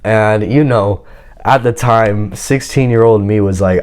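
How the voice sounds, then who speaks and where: Low-voiced man telling a boastful story. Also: fairly even intonation, normal speed, darkish tone. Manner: boastful, slangy, confident. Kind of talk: casual personal storytelling.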